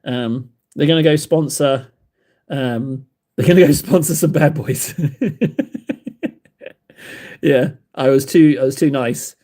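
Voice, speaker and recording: A man's voice: medium pitch, slow pace, long pauses, warm tone. A man hosting a livestream, chatting while painting miniatures, self-mocking and rambling, a little out of breath. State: slightly out of breath. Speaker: livestream host. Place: hobby desk indoors.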